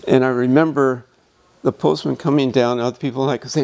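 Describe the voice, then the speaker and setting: An older man, a museum docent, telling a childhood memory in a halting, emotional way. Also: medium pitch, fairly even intonation, gravelly, darkish tone. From United States. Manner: reminiscing, emotional, halting with restarts. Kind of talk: panel storytelling. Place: museum meeting room.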